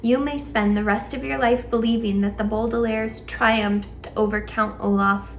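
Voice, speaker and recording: A woman reading a children's novel aloud with measured, wry storytelling. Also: on the high side, steady tone, a little hiss or hum. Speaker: storybook reader.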